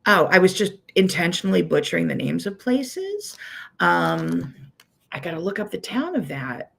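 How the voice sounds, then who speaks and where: A woman's voice: fairly low pitch, wildly swooping pitch, normal speed, vocal fry, husky. A woman with a Pittsburgh accent hosting a casual livestream, chatty and rambling with many "um"s as she greets viewers by name. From Pittsburgh, USA. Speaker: quilting teacher hosting a weekly livestream.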